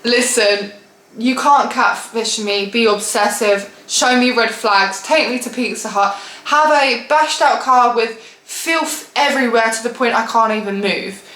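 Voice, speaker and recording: A young woman tells a storytime tale, animated and exasperated, breaking into laughter now and then. Her voice sits a little high. The room around her is echoey. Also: unhurried. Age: young adult. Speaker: vlogger. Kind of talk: storytime vlog.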